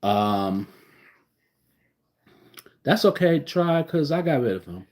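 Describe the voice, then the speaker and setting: This sports fan vlogger is very animated yet slow-paced as he gives a casual, foul-mouthed reaction, alternating loud outbursts with low mutters.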